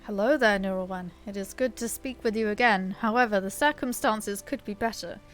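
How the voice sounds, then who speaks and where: A grave, kindly old male wizard gives solemn instructions in a measured voice, read out by a woman. The reading is a little louder than her usual talk. Faint game music plays behind him. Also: mid-range voice, lightly acted.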